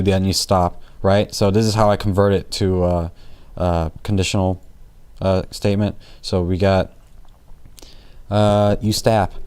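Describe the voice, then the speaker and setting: A man's voice: fairly low pitch, darkish tone. A man teaching programming in a casual, rambling way, full of fillers, jokes and self-corrections, with keyboard typing behind him. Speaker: programming tutor. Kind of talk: casual screen-recorded coding lesson.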